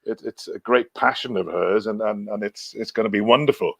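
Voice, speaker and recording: A man's voice: lowish voice, brisk, gravelly, a bit bright, dry recording. A middle-aged man with a Welsh accent, chatting as a guest in a casual talk, hesitant with many restarts. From Wales. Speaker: guest, singer and voice actor. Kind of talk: casual chat.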